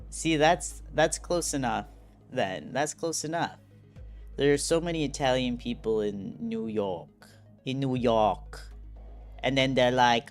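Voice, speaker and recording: A man streams a video game and chats casually as he plays. He talks slowly and wanders from thought to thought, often laughing at himself. Faint game music sits underneath. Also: medium pitch. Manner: rambling, self-deprecating, laughs at himself. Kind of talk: casual gameplay commentary.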